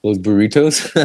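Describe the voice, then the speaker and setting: A man's voice: medium pitch, vocal fry, darkish tone, breathy edge. A man co-hosting a podcast, chatting casually, laughing often and swearing as he reacts. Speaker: podcast co-host. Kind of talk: casual chat.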